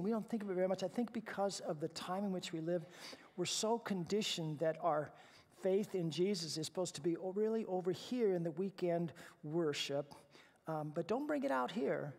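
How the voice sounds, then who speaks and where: A male pastor preaching a sermon in a conversational way, stumbling over repeated words and swinging from hushed to loud and emphatic. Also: high-pitched. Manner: conversational, with repeated false starts. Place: church sanctuary. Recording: reverberant church hall.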